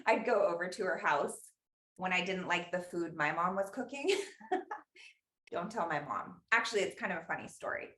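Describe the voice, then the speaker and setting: With a fairly low, slightly bright voice, a woman from Los Angeles cooks on camera for an online class. She rambles happily through anecdotes, dropping in Spanish here and there, in a room full of echo.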